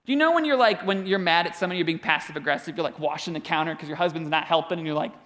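A man in his thirties delivering a sermon, telling stories with humor and lively delivery. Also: on the high side, rapid-fire. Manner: animated storytelling with humor. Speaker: preacher.

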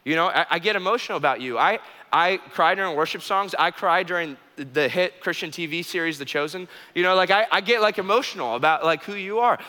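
A man's voice: high-pitched, a little fast, sharp tone, big-room sound. A man voicing a wealthy, earnest churchgoing man who stumbles over his words as he pleads his case. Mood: earnest pleading.

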